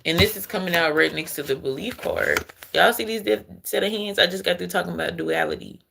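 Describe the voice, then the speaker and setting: Gravelly woman giving a card reading. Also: lowish voice, fairly quick, pushed and bright. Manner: chatty, calls listeners baby, keeps asking if you understand. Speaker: intuitive card reader. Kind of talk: casual spiritual card-reading monologue.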